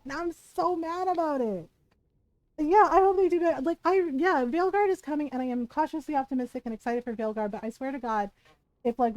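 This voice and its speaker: A woman streamer in casual chat with her viewers. She talks in a fairly high voice and rants heatedly, swearing freely and breaking into laughs. The recording is close and dry. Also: darkish tone, no room sound, rough recording. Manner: heated, profane ranting with frequent laughs. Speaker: game streamer. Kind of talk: casual chat while livestreaming.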